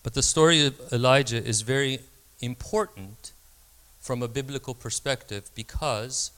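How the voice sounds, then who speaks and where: A man's voice: medium pitch, normal speed, smooth. A man preaching a sermon, reading scripture expressively and telling a personal story. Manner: expressive, dramatizing quoted voices.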